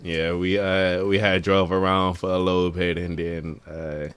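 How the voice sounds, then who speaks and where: A man guest on a casual podcast, soft-spoken and hesitant, trailing off with fillers. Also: low-pitched, little pitch movement, measured pace, clean tone. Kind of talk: casual chat.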